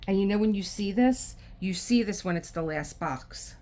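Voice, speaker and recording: A woman's voice: mid-range voice, moderate pace, mellow. A middle-aged woman hosting a craft video, chatting casually to the camera and talking to herself in frustration as she works.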